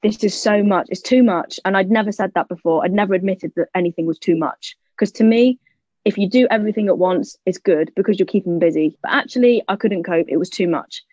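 A woman's voice: medium pitch, a little mellow, dry recording. A young woman, a guest telling her story in a casual interview, chatty and full of "like" and "literally". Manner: chatty storytelling, quick asides, many "like" and "literally" fillers.

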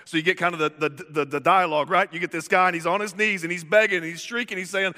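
A man preaching a sermon, animated and jokey. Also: high-pitched, fast talker, hardly any pauses. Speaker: pastor. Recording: echoey hall reverb.

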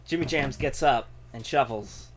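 A man's voice: mid-range voice, moderate pace, slight background noise. A man narrating an improvised comedy scene, often breaking into laughter.

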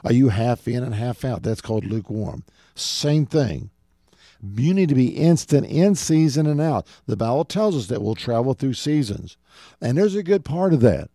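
A man's voice: mid-range voice, big pitch swings, normal speed, warm tone, no room sound, studio quality. A middle-aged man preaching a radio sermon, earnestly and directly calling his listeners "folks". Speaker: radio show host and preacher.

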